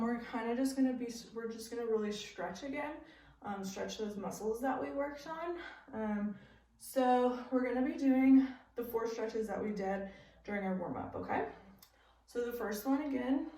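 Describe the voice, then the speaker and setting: Heard from a distance, a young fitness instructor with a warm, high-leaning voice leads a live-style home exercise class in an upbeat, encouraging way, often checking in with the class. The room at home is echoey, with faint background hiss.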